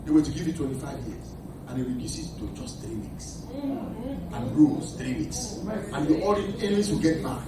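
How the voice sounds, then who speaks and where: A man with a Nigerian accent preaching a sermon, animated, shouting and laughing, calling to his congregation for answers. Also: on the high side, normal speed, crowd noise. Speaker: pastor. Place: church. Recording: echoey church hall, mic at a distance, congregation audible. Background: responding congregation.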